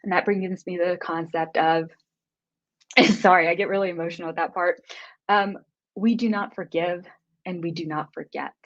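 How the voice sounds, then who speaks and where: A woman giving a motivational conference talk, earnest and emotional, speaking in quick bursts. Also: fairly low pitch, fairly even intonation. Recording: dull lo-fi recording.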